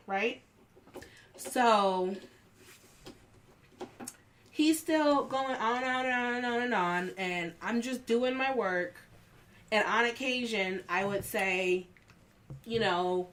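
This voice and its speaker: A woman with a medium-pitched, slightly bright voice casually recounts a story from work. She takes her time and acts out what other people said, raising her voice for their quotes.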